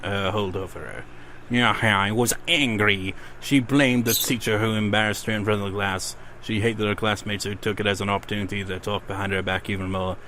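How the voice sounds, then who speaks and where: A man's voice: on the low side, bright, forceful tone, a little hiss or hum. A man playing a horror game, reading its ghost stories aloud between casual commentary. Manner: reads in-game ghost stories aloud, then rants with swearing and laughs. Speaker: let's play gamer.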